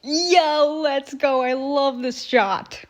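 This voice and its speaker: A woman's voice: sits high, raised voice, loud music behind the voice. Chatty woman reacting to a cartoon. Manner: chatty, swears freely, quotes characters in quick put-on asides. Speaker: reaction video host. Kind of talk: casual reaction commentary.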